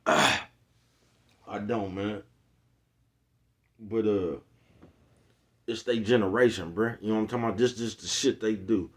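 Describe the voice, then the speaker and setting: A man's voice: on the low side, slow pace, pauses often. A middle-aged man talking casually to his viewers in street slang, often checking in with his listeners. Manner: laid-back street slang, frequent asides to listeners. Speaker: vlogger.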